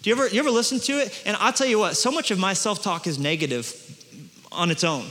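A middle-aged man preaches in a big church hall, his high, bright voice ringing with long reverb. He drops to near-whispers and then rises to booming emphasis, pressing each point home. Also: sing-song, quick pace, a little hiss or hum. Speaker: pastor. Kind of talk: sermon.

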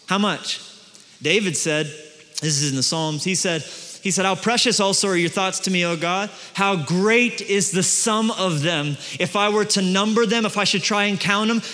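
Male pastor, middle-aged, high bright tenor, emphatic sermon delivery, large reverberant church. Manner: emphatic preacher, swings from hushed to booming. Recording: long hall reverb.

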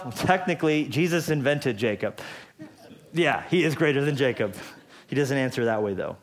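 Guy preaching a sermon, jokey and playful, fairly high voice for a man. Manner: playful, jokey storytelling with quick voiced asides. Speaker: pastor.

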